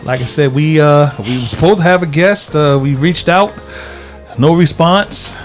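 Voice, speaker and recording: A man's voice: a little high, normal speed, soft background music. A man co-hosting a call-in radio show, talking casually and laid-back, often trailing off mid-phrase.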